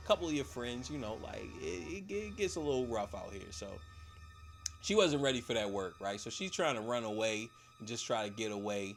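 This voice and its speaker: Male streamer, comedic movie recap, slang-heavy, animated storytelling, light music bed. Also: medium pitch, normal speed. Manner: slangy, animated, slips into character voices.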